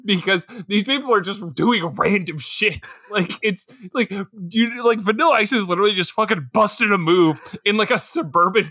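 Man, podcast co-host, animated swings in pitch, laughs a lot, dry close sound. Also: no echo. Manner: laughs often, animated, swears freely. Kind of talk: casual comedic chat.

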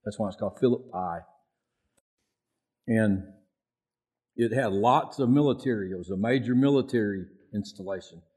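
A man's voice: fairly low pitch, moderate pace, long pauses, dark tone, slightly rough. A man preaching a sermon in a folksy, repetitive way, raising his voice to act out prayers. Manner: acts out prayers in a raised voice. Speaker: pastor.

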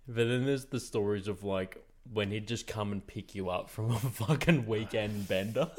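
A young man, hosting a podcast and telling stories in casual chat, relaxed and full of swearing and laughter. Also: fairly low pitch, moderate pace. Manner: laid-back, swears a lot, laughs often. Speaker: podcast host.

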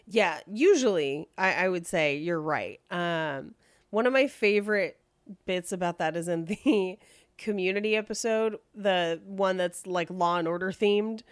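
A woman's voice: lowish voice, measured pace, no room sound, clean studio sound. A woman hosting a podcast, casually telling a true-crime story in a chatty way and laughing often. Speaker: podcast host.

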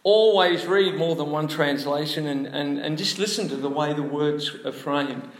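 A man's voice: a little high, normal speed, roomy sound. A man preaching a sermon to a congregation in a church, chatty and full of questions to the room. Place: church hall before a congregation.

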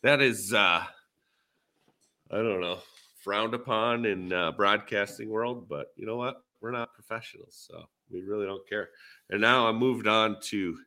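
A man's voice: deep voice, sharp tone. A man with a Minnesotan accent, rambling easily in a casual podcast chat with lots of fillers. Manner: rambling, easygoing, many fillers. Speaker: podcast co-host, dent repair tech.

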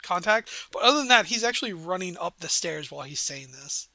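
Bright-voiced male game master. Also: high voice, expressive, fairly quick, no echo. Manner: rambling, descriptive, many fillers. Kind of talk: narrating a tabletop game.

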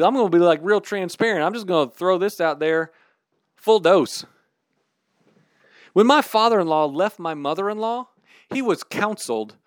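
A man preaching a sermon in an emphatic, candid, animated way. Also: sits high, dry recording, clean studio sound.

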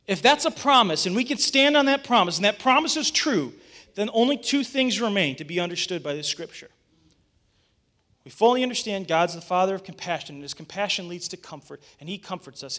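A man's voice: high-pitched, fairly bright tone. A young adult man, a pastor, preaching a sermon, telling a story and rising to urgent calls to get up.

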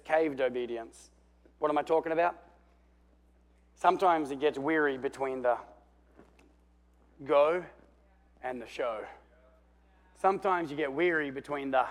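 A man preaching a sermon, telling the story with animation and swinging between loud and hushed while calling out for amens. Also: fairly high pitch. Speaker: pastor.

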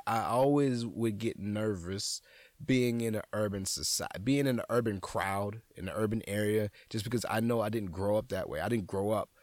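Speaking on the low side, this man from New Orleans rambles through his solo podcast with a local accent, swearing freely and restarting his sentences over and over. He's a comedian and podcast host, and there's no echo on the recording.

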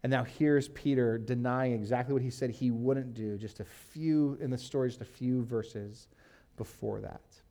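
Mellow-voiced man preaching casually. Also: medium pitch, fairly even intonation, normal speed. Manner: casual, uses "like" and fillers, reads scripture aloud. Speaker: pastor. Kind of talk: conversational sermon teaching.

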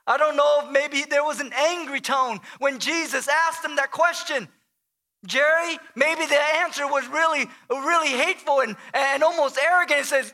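A male pastor preaching a dramatic sermon, acting out voices, stammering and restarting, and dropping to quiet emphasis on key lines. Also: very high voice, normal speed.

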